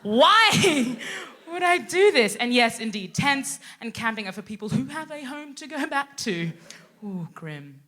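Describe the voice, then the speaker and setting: A woman from Sudan who grew up in Australia, performing stand-up on a live stage. Her voice sits high and sounds bright and forceful. She leaps into voices for the people in her stories, full of animated energy. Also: a little slow. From Sudan, raised in Australia. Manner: animated, acts out quoted people. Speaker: comedian co-host. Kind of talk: stand-up comedy set.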